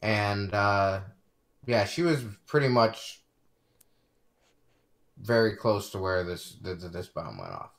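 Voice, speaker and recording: Hesitant slow-talking man narrating a game. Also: on the low side, very animated, gravelly, a bit bright. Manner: hesitant, with fillers and repeats.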